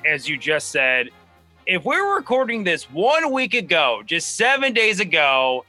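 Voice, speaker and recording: A man, a guest on a sports chat show, talking fast and excitedly as a diehard fan, often restarting his words. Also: high voice, faint music behind. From Chicago suburbs.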